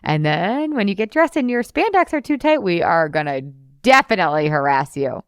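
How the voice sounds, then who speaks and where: A woman's voice: sing-song, normal speed, clean tone, no echo, studio quality. Woman putting on a taunting sing-song inner critic. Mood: mocking. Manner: mocking, singsong, high-pitched.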